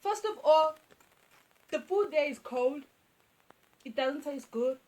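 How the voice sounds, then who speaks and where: A young South African woman telling a casual storytime, animated and repeating phrases for emphasis. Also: high-pitched, slow pace. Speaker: YouTuber.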